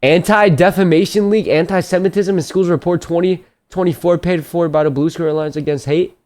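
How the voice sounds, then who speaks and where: A man's voice: sits high, steady tone, brisk, darkish tone. A young man streaming a reaction video, chatting loosely with jokey, profane banter. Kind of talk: casual reaction commentary.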